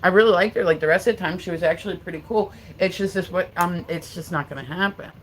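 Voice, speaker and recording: Middle-aged female streamer, lowish voice, rambling profane chat to viewers. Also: fast, slight background noise, poor audio. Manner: answers viewer comments aloud. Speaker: livestreamer. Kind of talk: casual live-stream chat.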